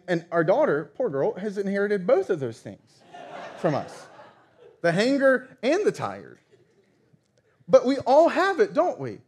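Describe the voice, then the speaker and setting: Male pastor, thirties, slightly high voice, animated storyteller who acts out quotes. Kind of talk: sermon.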